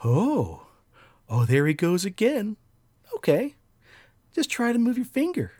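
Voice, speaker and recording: A man's voice: high voice, wildly swooping pitch, unhurried, dark tone, pitched above the performer's own voice, heavily acted. A man putting on the voice of a taunting dream spirit that teases him in a sing-song way. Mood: mocking. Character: mocking high-pitched dream spirit, taunting.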